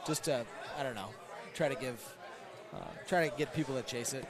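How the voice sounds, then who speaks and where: A man's voice: medium pitch, fairly quick, crowd noise. A man giving casual live commentary on an arcade golf game, chatty and analytical, with self-deprecating asides and many fillers, in a noisy bowling alley.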